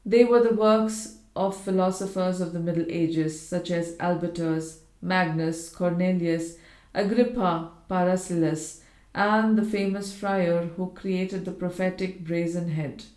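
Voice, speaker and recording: A woman reading a classic short story aloud in a measured, steady storytelling manner. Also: on the low side. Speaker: audiobook reader. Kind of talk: scripted literary narration. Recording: roomy echo.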